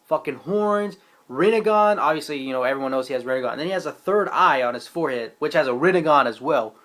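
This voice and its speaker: A young man casually reviewing a comic chapter in an excitable, slangy, profane way. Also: on the high side, fast talker. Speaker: manga reviewer.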